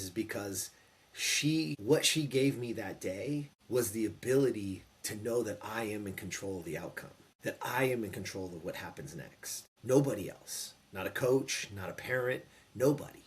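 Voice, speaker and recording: A man in his fifties, a podcast guest, telling a personal story in an animated, emphatic way and acting out the quotes. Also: lowish voice, moderate pace. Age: 50s. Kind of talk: storytelling in an interview.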